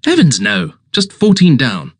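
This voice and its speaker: A man voicing an excitable, cheerfully dim young English gentleman, plummy and exclamatory. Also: a little high, a little slow, breathy edge, no room sound, studio quality, pitched above the performer's own voice, full character voice.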